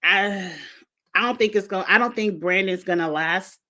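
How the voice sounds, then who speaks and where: A woman's voice: medium pitch, normal speed, bright, forceful tone. A woman in a mid-range voice hosts a casual reality show recap. She is chatty and frank, with strong opinions. She sometimes turns to address the contestants directly. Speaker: reality show reviewer, host.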